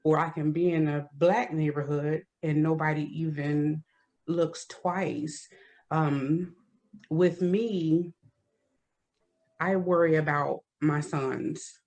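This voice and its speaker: A woman with a very low voice speaks slowly, in country-sounding speech. Her throat is a little hoarse, and she chats casually as a guest. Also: steady tone, darkish tone. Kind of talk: casual chat.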